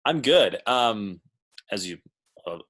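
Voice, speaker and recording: A man's voice: on the low side, very animated, takes it slowly, fairly bright tone, poor audio. A man in his thirties on a video call from a small home alcove, talking to a team in a friendly, chatty, self-deprecating way. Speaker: guest speaker, corporate mentor.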